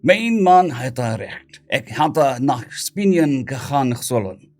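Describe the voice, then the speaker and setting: A man's voice: medium pitch, animated, slow, soft background music. A man voicing a frightened middle-aged tourist with a heavy German accent, muttering anxiously.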